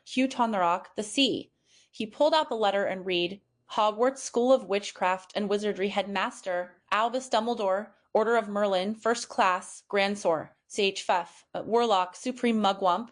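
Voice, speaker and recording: A woman reads a children's fantasy audiobook at a steady pace, her voice sitting at an ordinary middle pitch. Small fillers slip in here and there between phrases. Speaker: audiobook reader. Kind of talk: scripted audiobook narration.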